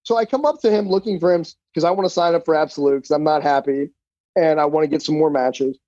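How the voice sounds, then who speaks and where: A man as a podcast guest, telling stories casually in an animated, profane way, full of fillers. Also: fairly high pitch, fast talker, dry recording, highs cut off. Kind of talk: casual storytelling.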